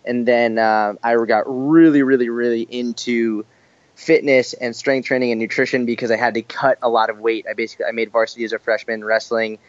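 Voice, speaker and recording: A man's voice: mid-range voice, fairly quick, dry recording, highs cut off. A man, a fitness coach guest, talking casually and energetically. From Boston, USA. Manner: energetic, casual, says "like" a lot. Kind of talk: casual interview chat.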